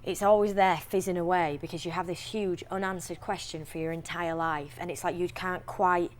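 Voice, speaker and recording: A young woman with a Yorkshire accent, chatting in an interview as an actress, talking freely with restarts and quick laughs. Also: fairly low pitch, steady tone. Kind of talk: casual interview chat.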